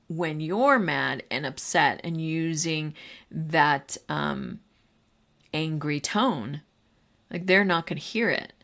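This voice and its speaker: A woman's voice: fairly low pitch, a bit bright. A middle-aged woman hosting a podcast for teachers, talking in a casual, encouraging way with fillers and asides. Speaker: podcast host.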